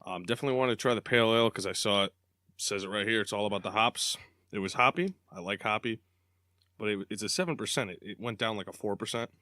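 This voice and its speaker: A man co-hosting a casual podcast, making playful, quick joking asides. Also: on the low side, sharp tone, dry recording, studio quality. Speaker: podcast co-host. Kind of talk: casual chat.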